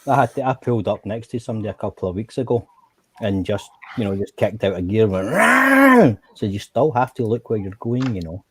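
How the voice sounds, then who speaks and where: A man's voice: lowish voice, fast talker, warm tone, slight background noise. A man in casual chat while gaming, swapping blunt, sweary anecdotes and laughing often.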